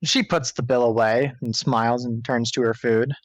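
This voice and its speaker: A man's voice: mid-range voice, fairly even intonation, normal speed, no room sound. Dry man player, close mic. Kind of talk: tabletop game chat.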